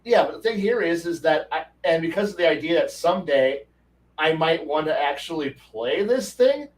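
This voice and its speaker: A man co-hosting a casual gaming chat, ranting in an animated way and swearing freely. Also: fairly high pitch, normal speed, distant mic, rough recording. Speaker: podcast co-host.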